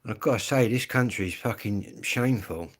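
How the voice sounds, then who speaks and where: A man in his fifties with an English accent holds forth in a live stream, blunt and full of swearing. His voice sits fairly low, and he keeps up a ranting monologue. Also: fairly quick. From England. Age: 50s. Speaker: livestreamer.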